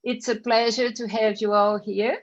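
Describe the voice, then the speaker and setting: A woman's voice: fairly high pitch, little pitch movement, moderate pace. Older woman, panel host, slightly muffled video call sound. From Brazil. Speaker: panel host, veterinary professor. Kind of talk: casual panel chat.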